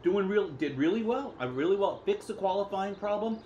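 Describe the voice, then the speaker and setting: A man's voice: sits high, animated, brisk, dark tone, highs cut off, slight background noise. A man co-hosting a podcast in casual chat, arguing his point and repeating himself, with jokey asides. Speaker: podcast co-host. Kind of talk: casual chat about motorcycle racing.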